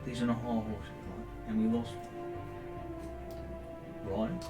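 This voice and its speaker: A Dutch-accented man speaks slowly at medium pitch with fairly even intonation while playing a tabletop game. He's a playful player who teases and laughs often during the casual role-play chat. The room is echoey, with faint music in the background.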